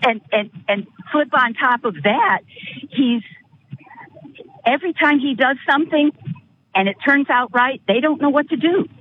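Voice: high-pitched, expressive, a little slow, pauses often, breathy edge. A radio caller making an earnest case with building emphasis. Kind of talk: phoning in to a talk radio show. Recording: tinny phone line with faint noise.

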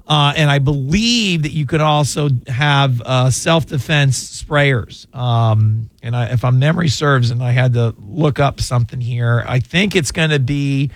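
A man hosting a talk radio call-in show as a criminal lawyer, hoarse from losing his voice, chatty and fond of quick jokes. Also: medium pitch, no room sound. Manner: chatty and jokey, with quick asides. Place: radio studio. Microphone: studio microphone.

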